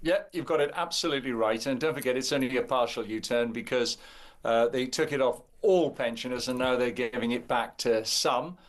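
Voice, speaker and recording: Chatty older male politician guesting on talk radio, mid-pitched, cheerful. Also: a little fast. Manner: jovial, chatty. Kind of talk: interview.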